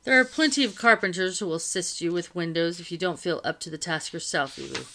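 A woman reading aloud, voicing a smooth, condescending male officer of the revolutionary army, with a low gravelly voice. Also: quick pace, pushed and bright. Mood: stern.

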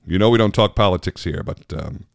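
A man's voice: low-pitched, a little fast, vocal fry, no room sound, studio quality. A man hosting his own podcast, talking casually and rambling with frequent laughs. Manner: chatty, rambling, laughs often. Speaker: podcast host. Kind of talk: casual solo podcast chat.

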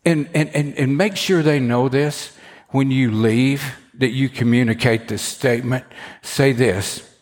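A man preaching a sermon, telling a story with lively asides, acting out the voices of the people in it, and often repeating words as he starts a sentence. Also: medium pitch, measured pace. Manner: animated storytelling, acts out quoted voices. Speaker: pastor.

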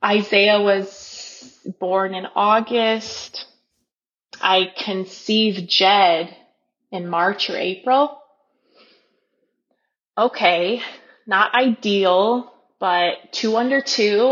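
Woman in her 30s, podcast guest, candid animated storyteller, slightly dull lo-fi sound. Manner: animated, acts out her own inner dialogue with quick pitch jumps.

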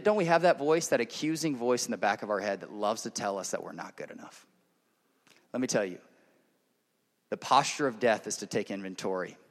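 A man preaching a sermon to his church, earnest and direct, moving between loud emphatic passages and hushed intimate ones. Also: fairly low pitch. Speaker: pastor. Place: church service. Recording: long reverb of a large hall.

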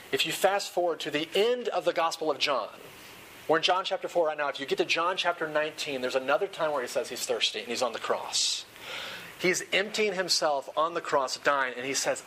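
A man preaching a sermon in an earnest, emphatic way, slowing down for dramatic points. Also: on the high side, pushed and bright, a little hiss or hum, poor audio.

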